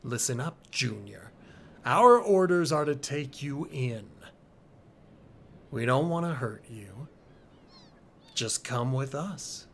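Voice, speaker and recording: A man voicing a stern male knight commander, speaking low and curtly, with a gravelly edge. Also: expressive, slow pace, pauses often, a little hiss or hum. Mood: threatening. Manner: low, curt, threatening.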